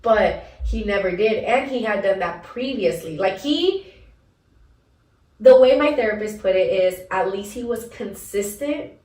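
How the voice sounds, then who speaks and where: A woman co-hosting a casual podcast, telling stories with an animated lilt and frequent laughter. Her mid-range voice sounds set back from the mic in a roomy space that echoes. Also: mid-range voice, a little slow, recorded from a distance. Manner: animated storyteller, laughs often. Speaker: podcast co-host. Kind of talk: casual chat.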